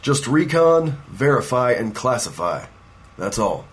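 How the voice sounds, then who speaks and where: A man's voice: mid-range voice, sing-song, a little slow. An actor playing a firm, persuasive male boss of a paranormal agency, pressing a former agent to take a job in an audio drama.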